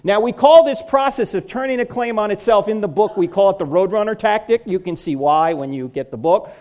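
Lecturing on apologetics before a live crowd, this middle-aged Christian speaker builds his talk around jokes and punchlines. His voice sits high, slightly mellow, and his pace is brisk.

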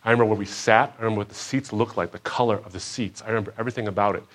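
A man telling his personal faith story to a live audience. He acts out what people said in a higher, louder voice and drops low and quiet at the emotional moments. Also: fairly even intonation, rapid-fire.

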